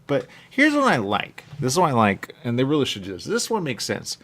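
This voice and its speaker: A man's voice: mid-range voice, huge pitch swings, brisk, a bit bright. A man hosting a talk radio show, chatting casually in a rambling way and often checking in with "okay?". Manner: chatty, keeps saying "okay?" and "there you go".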